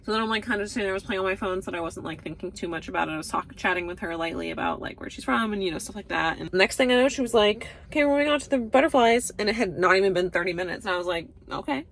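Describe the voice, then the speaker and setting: A woman's voice: medium pitch, expressive, racing, hardly any pauses. A young woman vlogging in a bubbly, rambling, casual way, with lots of fillers. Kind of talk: casual chat.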